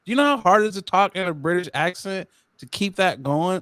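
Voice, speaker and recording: A man co-hosting a podcast, telling stories in an animated, incredulous casual chat. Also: high-pitched, quick pace, no room sound. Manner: animated, incredulous storytelling with laughs. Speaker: podcast co-host.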